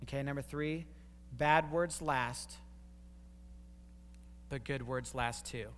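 A man's voice: mid-range voice, slow, fairly bright tone, big-room sound, a little hiss or hum. A man preaching a sermon, making emphatic repeated points and telling stories with quoted voices. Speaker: pastor.

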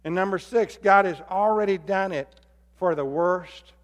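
A man preaching a sermon as pastor, swinging between loud emphatic calls and low hushed appeals. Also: measured pace. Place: church sanctuary. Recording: long hall reverb.

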